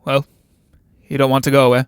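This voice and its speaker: A man's voice: medium pitch, completely flat delivery, normal speed, smooth, no echo, clean studio sound, natural voice. A man playing a domineering middle-aged army captain with a patronizing, overbearing manner.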